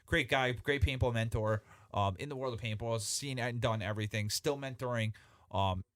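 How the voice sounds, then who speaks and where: Animated, profane male storyteller. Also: medium pitch, normal speed, no echo, clean studio sound. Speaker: podcast guest. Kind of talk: casual storytelling chat.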